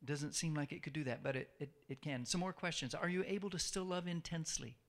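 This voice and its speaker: A man's voice: a little high, fast. A man preaching a sermon in a conversational way, asking the listeners questions and repeating phrases for emphasis.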